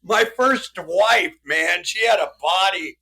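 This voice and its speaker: A man's voice: sits high, slow pace, crowd noise. A man hosting a podcast, telling crude jokes and stories in casual chat. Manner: crude, joking storyteller. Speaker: podcast host.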